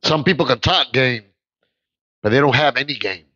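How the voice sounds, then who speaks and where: A man preaching an impassioned sermon, telling stories and breaking into shouts, heard through muffled livestream audio. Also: medium pitch, normal speed, no room sound. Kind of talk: sermon with storytelling.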